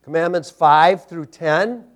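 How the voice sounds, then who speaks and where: A pastor delivers a sermon in a fairly high-pitched male voice at a slow pace. His preaching is emphatic, building in intensity through repeated phrases.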